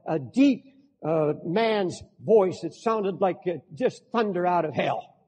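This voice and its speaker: A man's voice: high voice, a little mellow, husky. A man pastor preaching a sermon with earnest conviction, growing impassioned as he voices a psalm's complaint. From United States. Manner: earnest preaching, rising to impassioned when voicing scripture. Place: large church sanctuary. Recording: long reverb of a large hall.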